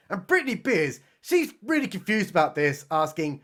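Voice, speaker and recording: Male reviewer, high lively voice, sarcastic deadpan recap with sudden excited yelps. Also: moderate pace, few pauses. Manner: mocking, exclaims often, swings between deadpan and excited outbursts. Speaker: movie reviewer. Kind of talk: sarcastic comedic film recap narration.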